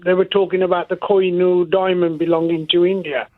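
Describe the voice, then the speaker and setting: A man's voice: high-pitched, flat delivery, fairly quick. Rambling man calling in by phone. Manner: rambling, hops between topics. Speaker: caller who runs a chip shop. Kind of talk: radio phone-in chat. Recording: tinny phone line.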